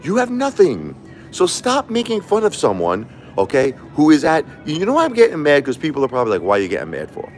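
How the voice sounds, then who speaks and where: A man's voice: on the high side, huge pitch swings, brisk, darkish tone, soft background music. A man livestreaming a combative, boastful rant, taunting his critics and repeating himself. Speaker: livestreaming YouTuber. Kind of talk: ranting livestream monologue.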